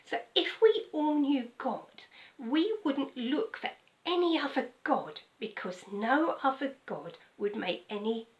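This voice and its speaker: A woman's voice: sits high, animated, slow pace, muffled recording. An older woman pastor, giving a chatty, conversational sermon with frequent "okay?" asides. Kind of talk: casual sermon.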